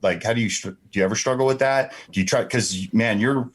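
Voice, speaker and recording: A man in his forties hosts a podcast in a low, deep voice. He muses on his own experience and feels his way into questions in a halting, reflective manner. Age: 40s. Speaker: podcast host. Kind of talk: casual podcast conversation.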